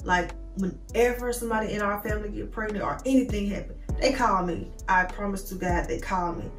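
A woman's voice: mid-range voice, fairly quick, reverberant, distant mic, soft background music. A woman vlogger telling an emotional storytime, candid and rambling, speaking straight to her viewers. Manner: talks straight to viewers as "y'all".

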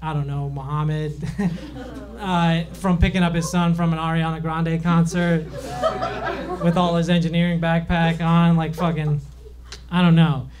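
A man's voice: a little high, flat delivery, measured pace, darkish tone. A young man doing a rambling, self-deprecating stand-up set on a comedy club stage, with plenty of fillers and restarts.

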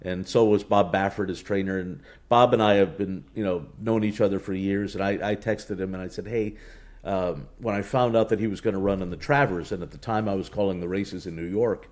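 A man with a fairly low voice speaks as a race announcer being interviewed. He tells his stories loosely, circling back with fillers and restarts. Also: fairly quick. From United States. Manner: relaxed storytelling with many restarts and fillers. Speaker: horse racing announcer, guest. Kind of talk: casual interview talk.

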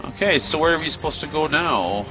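A man's voice: on the high side, animated, fairly quick, over music. A tired man giving casual commentary while exploring a game, thinking aloud with many ums and hedges. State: yawning, tired. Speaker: gameplay video creator.

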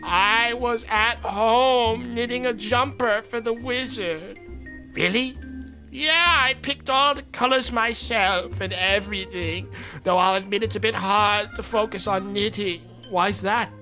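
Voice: medium pitch, a little slow, sharp tone, soft background music. A streamer voicing a kindly old lady villager from a game, drawing out the words in a quavering old-lady manner. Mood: chatty. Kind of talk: reading game dialogue aloud in character.

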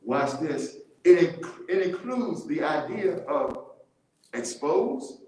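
A man leading a church Bible study, animated, repeating key words and laughing often as he teaches. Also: a little high, slow. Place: church room. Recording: very echoey church room.

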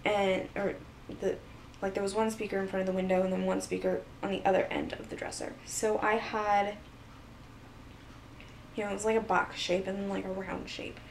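A woman vlogger tells a personal story in a loose, rambling way, full of fillers and restarts. Her voice stays level and mid-pitched with little rise or fall. She sits a little back from the mic, with a faint hiss in the background. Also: level tone, normal speed, gravelly, recorded from a distance, poor audio. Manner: rambling, filler-heavy retelling. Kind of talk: casual storytelling.

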